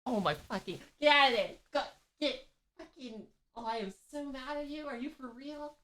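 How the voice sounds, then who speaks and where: A woman livestreaming a video game from her computer at home, chatting casually, excitable and joking, with frequent swearing. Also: high-pitched, normal speed. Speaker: streamer. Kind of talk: casual gameplay livestream chat.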